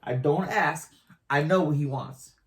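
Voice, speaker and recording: On their couple's channel, a Boston woman in her 50s teases her husband in casual chat, laughing a lot in her Boston accent. Her voice is deep and unhurried.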